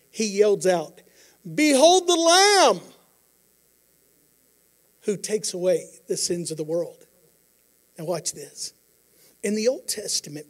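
An earnest pastor delivers a sermon, shifting between quiet passages and emphatic declarations. His male voice is high and carries a breathy edge.

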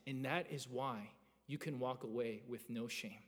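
A man in his thirties preaching a sermon as a pastor, earnest and animated, often restarting his phrases. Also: medium pitch, measured pace. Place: church sanctuary. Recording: long reverb of a church hall.

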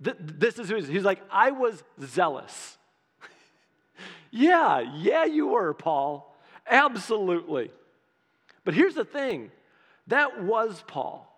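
High-voiced man preaching in a hall. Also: slow pace, long pauses. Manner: animated and conversational, acting out quotes. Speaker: pastor. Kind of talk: sermon. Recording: long hall reverb.

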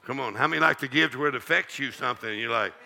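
Older man, pastor, folksy joking sermon, very gravelly, strained sharp tone. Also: medium pitch, rapid-fire. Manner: folksy, joking, call-and-response preaching. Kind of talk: evening church sermon.

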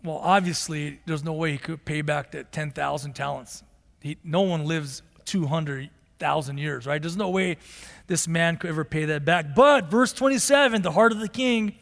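A male pastor preaching a sermon in a church, telling the story in an animated way and acting out the characters. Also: sits high, moderate pace, vocal fry. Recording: long hall reverb.

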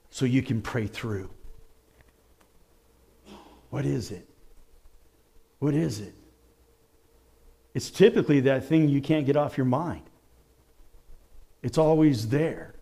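Animated male preacher with a lively voice. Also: mid-range voice. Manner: animated preaching, shouting out quoted cries. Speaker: pastor. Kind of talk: sermon.

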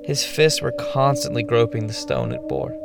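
A man narrating a first-person horror story in a measured, ominous storytelling manner. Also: medium pitch, sing-song, creaky. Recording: narration over music.

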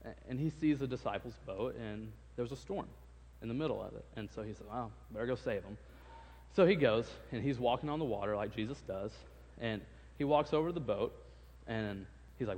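A man's voice: mid-range voice, lively intonation, a little fast, darkish tone, husky. Casual male preacher in a reverberant hall. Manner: conversational, repeats words, acts out quotes. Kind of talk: casual sermon.

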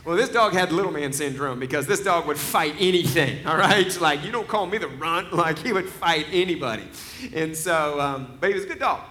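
A man's voice: on the high side, moderate pace, slight background noise. A man in his forties preaching a sermon, telling stories in a conversational way. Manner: conversational storytelling, rising to loud laughing emphasis. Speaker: pastor.

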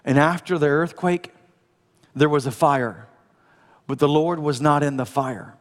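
A male pastor preaching a conversational sermon, swinging from loud, urgent passages to hushed, soft ones. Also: on the high side, unhurried, big-room sound. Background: music.

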